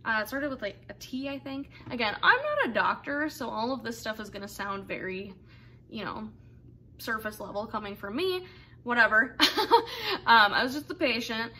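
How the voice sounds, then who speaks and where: A woman's voice: on the high side, expressive, moderate pace, bright, forceful tone, slight background noise. A young woman candidly telling a personal story in a casual, rambling way, full of fillers and asides. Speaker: vlogger telling her birth story.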